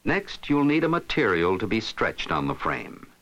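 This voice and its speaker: A man giving scripted narration for an instructional film, explaining steps in a steady, instructive way. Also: fairly low pitch, normal speed, low-quality recording.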